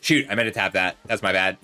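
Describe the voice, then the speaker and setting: Bright, lively man streaming a card game. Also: on the low side, moderate pace, soft background music. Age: 30s. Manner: rambling, chatty, talks to chat while playing. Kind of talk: casual gameplay commentary with storytelling.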